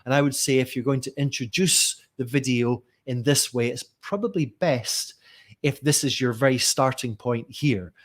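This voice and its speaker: A middle-aged man runs a live online lesson. He sounds lively and keeps asking questions. He calls on viewers by name as he goes. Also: medium pitch, normal speed. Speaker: teacher trainer. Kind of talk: live online teaching session.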